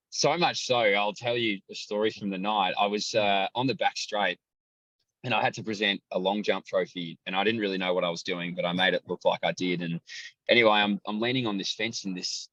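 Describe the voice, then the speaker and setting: Loud, animated man. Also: low voice, fairly quick, dry recording, lo-fi sound. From Australia. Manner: loud, outlandish storyteller. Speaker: guest, sports journalist and athletics commentator. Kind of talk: casual podcast chat.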